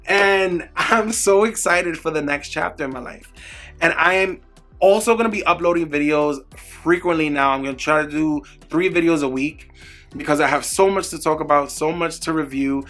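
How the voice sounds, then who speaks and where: Speaking from indoors at home, a male beauty vlogger gets personal and motivational, cursing heavily and repeating words as he pushes his viewers. His fairly high, fairly bright voice moves at a moderate pace over faint background music.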